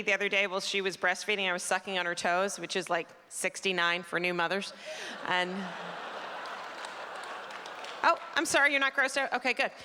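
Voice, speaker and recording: A woman's voice: mid-range voice, sharp tone. A Canadian woman in her forties doing a chatty, self-mocking stand-up set on a theater stage, teasing the crowd. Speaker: stand-up comedian. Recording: live theater recording, long hall reverb, faint crowd noise.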